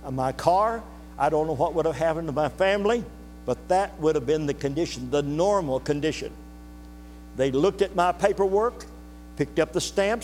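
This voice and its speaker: An older man preaching a sermon to his congregation, telling a story in a folksy, earnest way and pausing to ask the listeners questions. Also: on the high side, darkish tone. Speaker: pastor. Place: church sanctuary. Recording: reverberant hall with faint mains hum.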